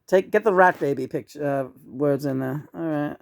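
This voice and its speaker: A woman's voice: low-pitched, normal speed, creaky, dry recording. Woman in her sixties, casual vlog chat, rambling and profane, chuckling often, dry close sound. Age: 60s. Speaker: vlogger.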